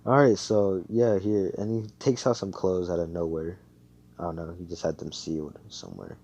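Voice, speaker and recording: Young man, deep, relaxed voice, rambling profane storyteller on a chat mic. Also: moderate pace. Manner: rambling, profane, full of "like" and "you know". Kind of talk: casual fan-fiction storytelling.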